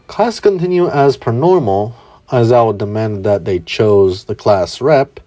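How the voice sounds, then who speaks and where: A man's voice: medium pitch, a little slow, soft background music. A man narrating a fan fiction story, steadily tagging each line of dialogue. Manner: steady storytelling with many "he would say" tags.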